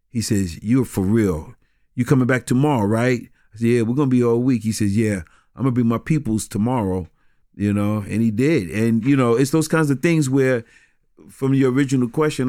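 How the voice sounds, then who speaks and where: A middle-aged man telling stories from his years in street ministry, animated, with many restarts. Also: mid-range voice, no room sound, studio quality. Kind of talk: conversational storytelling.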